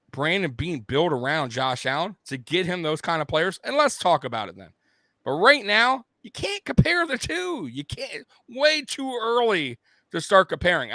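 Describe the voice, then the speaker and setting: A man's voice: fairly high pitch, pushed and bright, no room sound. A man hosting a sports show, ranting bluntly and with heavy profanity, like a fired-up fan. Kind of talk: casual sports rant.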